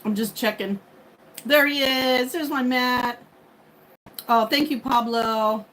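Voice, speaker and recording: A woman's voice: a little high, takes it slowly, fairly bright tone, poor audio. A woman in her fifties hosting a casual livestream, chatting and thanking viewers by name. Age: 50s. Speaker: livestream host. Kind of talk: casual live chat with viewers. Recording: faint background noise.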